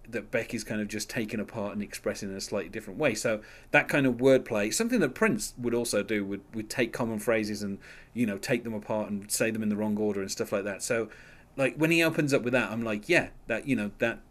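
A man hosting a casual music podcast, rambling with many fillers and restarts and laughing often. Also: fairly low pitch. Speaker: podcast host.

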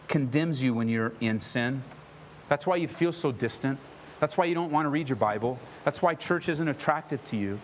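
A man's voice: medium pitch, slight background noise. A man preaching a sermon as a pastor, impassioned and emphatic, repeating phrases for emphasis. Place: church.

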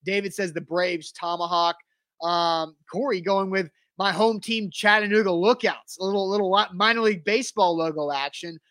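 A sports talk host with a fairly high voice, running through sponsor copy and listener picks in a loose, chatty way. His voice sits close and dry on the mic, with no room sound around it. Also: moderate pace, pushed and bright, no room sound. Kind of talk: casual sports radio chat.

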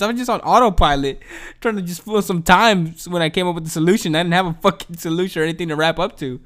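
A man talking alone on his podcast in a loose, cussing ramble. His voice sits a little on the high side. He sinks into low mutters, then flares up into excited, loud outbursts. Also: quick pace. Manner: profane, rambling, swings from mumbling to excited outbursts. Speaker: podcast host. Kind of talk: casual solo podcast rant. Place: home.

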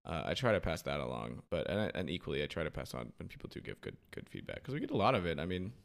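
A man's voice: rumbling low, big pitch swings, very fast, gravelly. A man co-hosting a casual podcast, talking through his thoughts with restarts and fillers. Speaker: podcast co-host.

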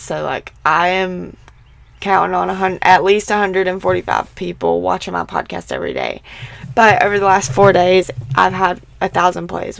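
A young woman with a raspy, smoker-like voice, hosting her own podcast in a rambling, chatty way full of fillers. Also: fairly low pitch. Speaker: podcast host. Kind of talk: casual solo podcast chat.

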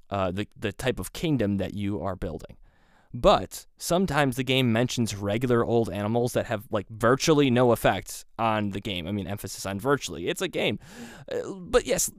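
A man's voice: medium pitch, no echo, studio quality. A man hosting a solo podcast, rambling casually with sarcastic, self-deprecating asides. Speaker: podcast host.

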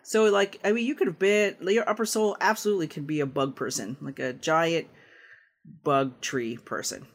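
A man's voice: a little high, fairly even intonation, moderate pace. A man speaking as a guest game designer on a podcast, talking casually, with frequent fillers and easy laughter. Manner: rambling, peppered with "like" and "um", laughs often.

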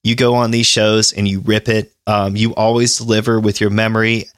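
A man's voice: on the low side, flat delivery, normal speed, a little hiss or hum. A man hosting a podcast, reading news aloud in casual chat and riffing irreverently with swearing and laughter. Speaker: podcast host.

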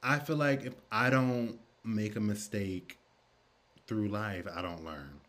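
Lower-voiced man hosting a candid podcast. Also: slow pace, fairly bright tone. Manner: candid, affirming, chatty. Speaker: podcast host. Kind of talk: casual interview conversation.

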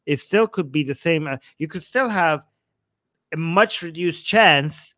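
A man's voice: a little high, a little slow, bright, forceful tone, dry recording. A man hosting a casual talk show, reading viewer comments and questioning claims with hedging asides. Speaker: host.

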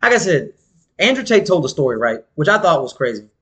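High, animated man telling stories. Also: a little fast. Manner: animated storytelling, swings pitch wide, slangy and profane. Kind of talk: casual chat.

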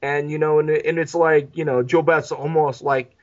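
A man's voice: on the high side, fairly even intonation, moderate pace, dull audio. A man co-hosting a casual movie podcast, swearing freely and acting out characters in quoted voices. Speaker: podcast co-host.

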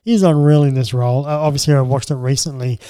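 A man co-hosting a casual film chat, relaxed and bantering. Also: medium pitch, quick pace, clear, resonant tone. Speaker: podcast co-host.

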